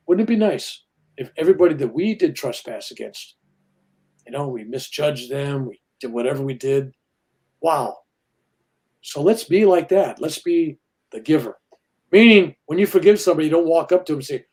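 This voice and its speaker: Animated, mellow-voiced older man preaching. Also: on the high side, moderate pace. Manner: earnest, animated storytelling with quoted voices. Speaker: guest minister. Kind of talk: spiritual interview talk.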